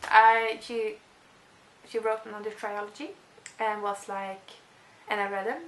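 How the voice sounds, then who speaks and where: A young woman who runs a book vlog talks casually to the camera, gushing and rambling with plenty of restarts. Her voice is medium in pitch with little movement, her pace a little slow, and the sound roomy.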